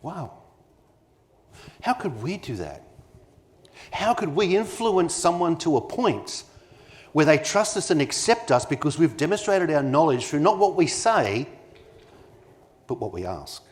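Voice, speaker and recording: A man's voice: on the high side, very animated, a little slow, pauses often. A man gives a live conference talk as keynote speaker, delivering each point with emphasis and constantly checking in with his audience through rhetorical questions. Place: conference venue.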